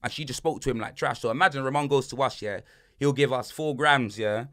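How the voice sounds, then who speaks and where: A man's voice: medium pitch, brisk. A young man, hosting a podcast and telling a holiday story in casual, slang-heavy chat, acting out other people's voices. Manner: animated, slang-heavy, acts out voices in his stories. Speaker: podcast host.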